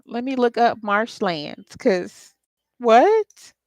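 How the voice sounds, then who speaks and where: A woman's voice: on the high side, measured pace, a bit bright, no echo, dull audio. A woman doing a casual channeling session as a psychic reader, chatting and laughing with her viewers. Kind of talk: casual spirit channeling livestream.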